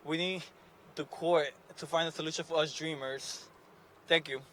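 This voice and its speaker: A young man speaking at an outdoor rally as named plaintiff, halting and emotional, moving between English and Spanish. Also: fairly high pitch, fairly even intonation, a bit bright, a little hiss or hum. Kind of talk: emotional public speech. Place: outdoor rally outside a courthouse.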